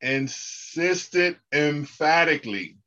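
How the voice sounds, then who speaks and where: A man's voice: on the high side, animated, pushed and bright. A male pastor teaching a Bible class. He goes over scripture phrases again and again and leads the students in repeating them. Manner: unhurried, halting delivery with restarts. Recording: dull lo-fi recording.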